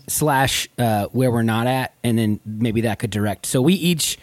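A man's voice: mid-range voice, unhurried, no echo. A man hosting a casual group talk, playful and laughing often. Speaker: podcast host.

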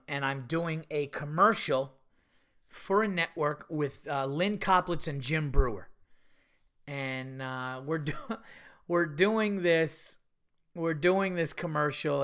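A man hosting his own podcast, telling profane, animated stories with laughs in a casual, unscripted way. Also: fairly high pitch. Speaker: podcast host and stand-up comedian. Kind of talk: casual solo podcast storytelling.

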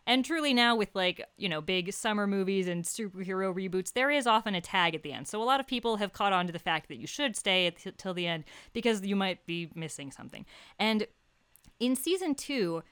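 A woman co-hosting a casual podcast chat, enthusiastic and quick to laugh as she explains at length. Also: medium pitch, lively intonation, fairly bright tone, clean tone, dry recording. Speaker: podcast co-host. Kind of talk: casual chat about a TV comedy.

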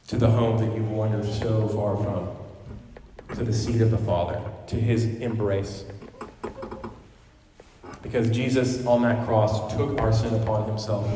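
Impassioned pastor preaching in an echoey hall. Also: male voice, on the low side, steady tone, unhurried, pauses often, darkish tone, a little hiss or hum. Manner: impassioned, rising to emphatic peaks; conversational asides with fillers. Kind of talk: sermon. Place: church sanctuary. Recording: echoey hall recorded from far off.

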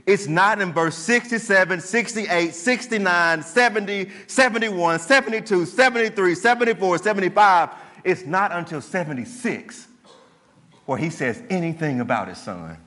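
A man preaching a sermon as pastor, animated, acting out the voices of people in his story. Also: high voice. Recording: long hall reverb.

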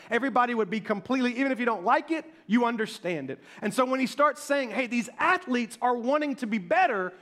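A man preaching a sermon as pastor, emphatic, with quick restarts and repeated words. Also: extremely high pitch, a bit bright.

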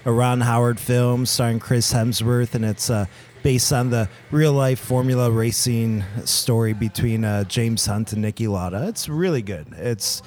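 A man's voice: medium pitch, measured pace, hardly any pauses, a little mellow. A man co-hosting a podcast in a diner, giving a recommendation plainly and matter-of-factly. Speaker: podcast co-host. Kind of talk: casual chat.

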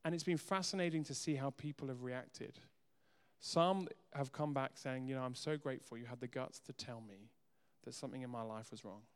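A man preaching a sermon as pastor, earnest, moving between soft quiet asides and emphatic raised lines. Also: mid-range voice, a little fast. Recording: long hall reverb.

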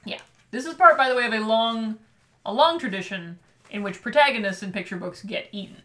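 A woman's voice: a little high, brisk, sharp tone. A woman co-hosting a podcast, chatting animatedly about a children's picture book and laughing often. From Michigan. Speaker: podcast co-host.

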